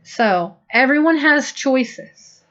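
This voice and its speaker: A woman giving a channeled spiritual talk, speaking slowly, gently and deliberately, and acting out small quoted exchanges. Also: high-pitched, expressive. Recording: dull lo-fi recording.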